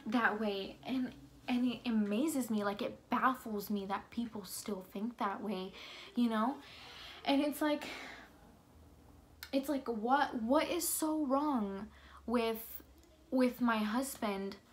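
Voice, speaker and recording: A young woman vlogging in her bedroom, ranting heatedly with lots of swearing and "like" fillers. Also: a little high. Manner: fired-up, swears a lot, many "like" fillers. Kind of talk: heated opinion rant to camera.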